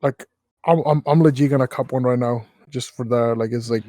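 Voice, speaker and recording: A man's voice: mid-range voice, steady tone, brisk, dark tone, no room sound. A young man co-hosting a podcast, telling rambling work stories with lots of slang and fillers. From Mexican background. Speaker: podcast co-host. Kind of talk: casual storytelling chat.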